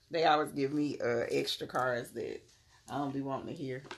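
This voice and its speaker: A woman giving a casual tarot reading on a live stream, laid-back and slangy, calling her viewers "beloved". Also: extremely low pitch.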